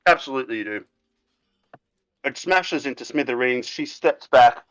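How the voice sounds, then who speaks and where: A man running a tabletop game as game master, animated and quick to laugh. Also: medium pitch, no room sound, poor audio. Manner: animated, laughing, voices exclaiming.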